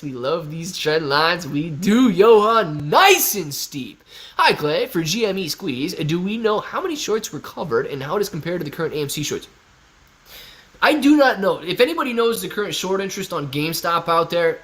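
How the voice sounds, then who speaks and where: A man's voice: a little high, fairly bright tone. A young man from Ohio hosting a casual live stream, reading chat aloud and answering in a loose, upbeat bro-ish way. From Ohio, USA. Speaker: livestream host answering chat.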